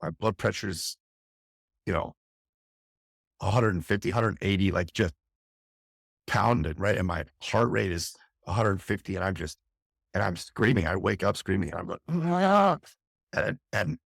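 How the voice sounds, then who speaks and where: A man's voice: sits low, a little slow, gravelly, long pauses, slightly rough, no room sound, studio quality. A middle-aged man, a fire captain, recounting a harrowing experience intensely and candidly in an interview, often restarting his phrases. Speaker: fire captain, podcast guest.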